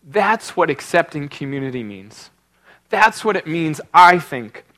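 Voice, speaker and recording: A man's voice: fairly high pitch, expressive, unhurried, sharp tone. A middle-aged man preaching a sermon, telling a personal story with earnest emotion and then leading a prayer. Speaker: pastor.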